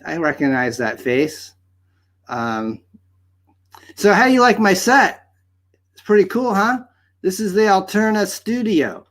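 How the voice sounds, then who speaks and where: Man doing a rambling bizarro host in a made-up accent, slightly high voice. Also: fairly bright tone. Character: goofy mustached bizarro alter-ego male host. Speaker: livestream host. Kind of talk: hosting an open-mic livestream. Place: home studio set.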